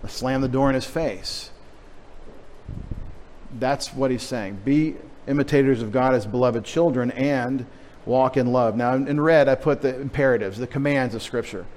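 A man's voice: mid-range voice, normal speed, darkish tone, slight background noise. A middle-aged man from Texas preaching a sermon with a light Texas accent, joking in chatty asides. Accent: Texan. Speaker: pastor. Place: church.

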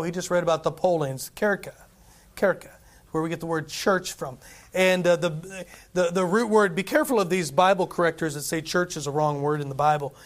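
A man preaching a sermon as a Baptist pastor, in a conversational way that keeps checking in with "right?". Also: sits high.

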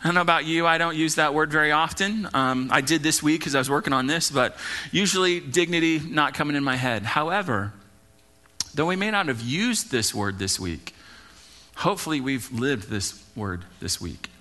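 Bright-voiced preaching pastor, man. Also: lively intonation, moderate pace. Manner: earnest preaching, swings between loud urging and hushed low lines. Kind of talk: sermon.

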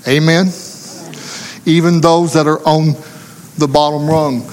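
A man preaches a sermon in a folksy storytelling manner, slipping into the voices of the people in his tale. His voice sits high for a man. It rings with the long reverb of a church hall. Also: level tone, slow pace, a little mellow. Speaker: pastor.

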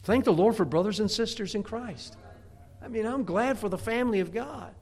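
A man's voice: sits high, moderate pace, vocal fry, darkish tone. A middle-aged man preaching a sermon in a folksy way, often restarting with stammered repeats. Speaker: pastor.

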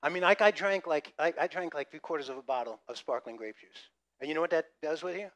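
A man's voice: on the high side, fast, a bit bright. A middle-aged male pastor preaching a sermon, telling jokes and acting out funny stories from his own life. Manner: storytelling with jokes and acted-out gasps.

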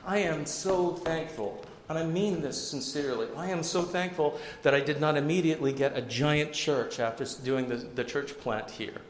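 A man's voice: a little high, normal speed, few pauses, a little hiss or hum. A man preaching a sermon as pastor, conversational, with self-deprecating asides. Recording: echoey hall with long reverb, faint ambience.

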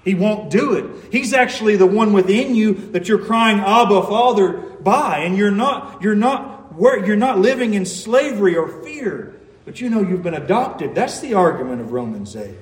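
A man's voice: high voice, very animated, normal speed. A man preaching a sermon, earnest and pleading, pressing each point home with emphasis. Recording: roomy echo.

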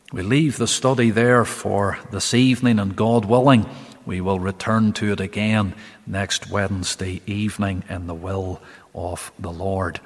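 Preacher in a reverberant empty church. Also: male voice, fairly low pitch, fairly even intonation. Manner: emphatic, slow, rising on key phrases. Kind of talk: midweek Bible study sermon. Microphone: camera recording for online viewers.

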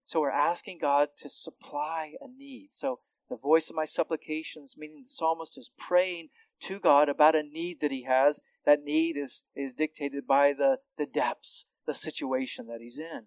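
A man teaches through scripture with a slightly raised pitch. He talks loosely, restarting phrases and checking in with "right?" The sound is dry and close, with no room echo. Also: fairly even intonation, moderate pace, few pauses. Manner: conversational, with frequent restarts and tag questions. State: hard of hearing. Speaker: Bible teacher. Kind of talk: expository Bible teaching.

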